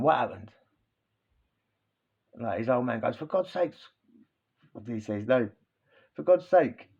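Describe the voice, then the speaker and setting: A man telling a rowdy story in casual chat, rambling with frequent tag questions and laughs. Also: mid-range voice. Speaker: podcast host telling a story. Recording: dull lo-fi sound.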